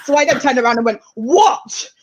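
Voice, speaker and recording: A woman's voice: a little high, moderate pace. Chatty young Englishwoman with a London accent. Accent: South East London. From England. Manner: rambling storyteller, lots of "like" and laughter. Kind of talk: casual chat.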